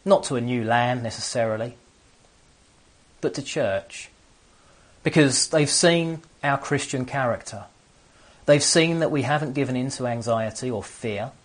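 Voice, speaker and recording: Earnest preacher, halting restarts. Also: male voice, mid-range voice. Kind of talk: sermon. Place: empty church room. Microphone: camera on stands.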